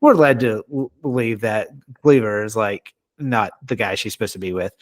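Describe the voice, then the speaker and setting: A man hosting a podcast in casual chat, speaking in a relaxed, halting way with restarts. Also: on the low side, no room sound. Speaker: podcast host.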